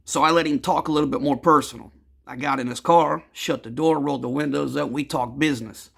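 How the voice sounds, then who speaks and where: A man telling his own story in a casual, rambling and blunt way, cursing freely and addressing his listeners as gentlemen. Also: a little high, steady tone, a little fast, gravelly, husky.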